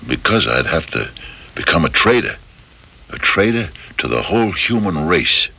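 An actor playing a wary male pickpocket, hesitant and halting, in radio drama style. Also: low voice, big pitch swings, gravelly, sharp tone, slightly rough, heavily acted, poor audio. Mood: uneasy. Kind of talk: 1970s radio drama acting.

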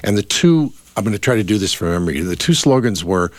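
A man's voice: lowish voice, animated, fast talker, no echo. A man chatting on a radio talk show, rambling with restarts and trailing asides. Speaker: radio guest. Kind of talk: casual chat.

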